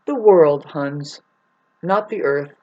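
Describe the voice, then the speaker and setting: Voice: mid-range voice, takes it slowly, warm tone, dull audio. A vlogger delivering an angry, rambling, profane monologue that warns and scolds the listener. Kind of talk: ranting monologue.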